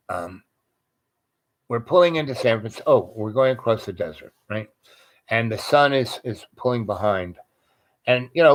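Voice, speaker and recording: A man telling a long personal anecdote in a rambling, digressive way, often restarting his sentences and swearing casually. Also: medium pitch. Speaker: guest telling a personal story.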